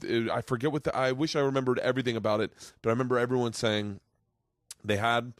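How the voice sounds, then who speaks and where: A man in his forties hosting a podcast, telling rambling, excitable stories with plenty of swearing. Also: medium pitch, quick pace, no room sound, studio quality. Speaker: podcast host. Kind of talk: casual podcast chat, storytelling.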